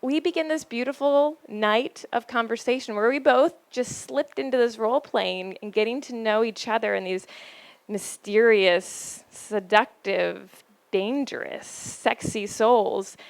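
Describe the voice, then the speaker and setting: A woman's voice: fairly high pitch, animated, dry recording. Playful, laughing woman giving a talk. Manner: playful, laughs often, builds up lines with pauses. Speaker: speaker giving a talk on relationships. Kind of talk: storytelling talk to a live audience.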